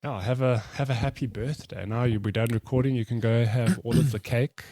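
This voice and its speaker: A man's voice: mid-range voice, fairly even intonation, a little fast, warm tone, no echo. Man, podcast co-host; giggly, short reactions, dry close sound. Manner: laughs often, short reactions like "my goodness". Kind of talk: casual chat.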